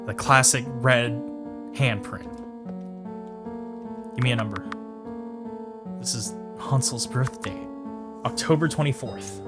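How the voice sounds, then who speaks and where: A man's voice: mid-range voice, slow pace, pauses often. A man casually commenting as he plays a horror game, in a wry, chatty manner. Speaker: let's play host. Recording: music playing behind.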